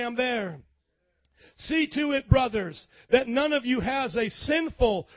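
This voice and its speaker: A man preaching a sermon as pastor, calling out to the congregation and swinging from loud to hushed. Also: very high voice, no room sound, dull audio. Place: church.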